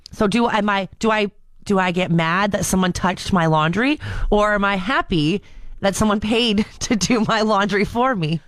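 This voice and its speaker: A woman's voice: medium pitch, no room sound, studio quality. A young woman co-hosting a casual podcast, telling a story with frequent laughs and restarts. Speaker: co-host. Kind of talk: casual chat.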